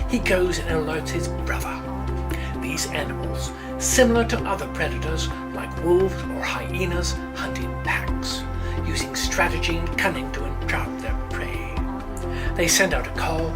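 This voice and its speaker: A woman giving hushed, breathy narration in the style of a mock nature documentary, with music playing behind her. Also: on the low side.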